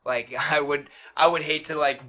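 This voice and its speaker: A man's voice: a little high, steady tone, normal speed, bright, forceful tone. A young man in casual chat, enthusiastic and laughing, often saying "dude". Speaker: co-host.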